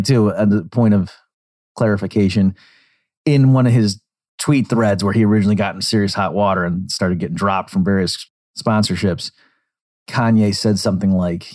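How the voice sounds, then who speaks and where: A man's voice: deep voice, darkish tone. A man giving digressive, explanatory commentary on interview clips. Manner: digressive, explanatory, acts out quotes.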